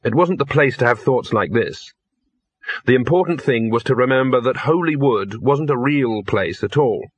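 A man narrating a fantasy audiobook in a measured, wry storytelling manner. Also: mid-range voice, lively intonation, husky, dry recording. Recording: dull lo-fi dry studio recording.

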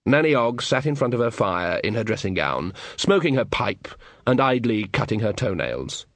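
A man narrating an audiobook in a measured, wry storytelling manner. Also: on the low side, big pitch swings, a bit bright, no room sound. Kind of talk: scripted narration.

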